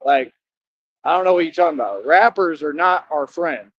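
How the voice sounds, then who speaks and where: A man giving a rambling, boastful livestream monologue outdoors near a highway, scolding his viewers and repeating himself. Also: expressive, moderate pace, no echo, dull audio. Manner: talks straight to his viewers, scolding them.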